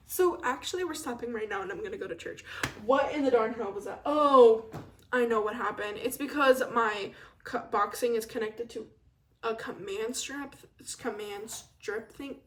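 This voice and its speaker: A woman's voice: on the high side, measured pace, a little hiss or hum. A young woman in her twenties hosting a casual solo podcast, rambling and self-deprecating, laughing often and trailing off with "I don't know". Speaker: podcast host.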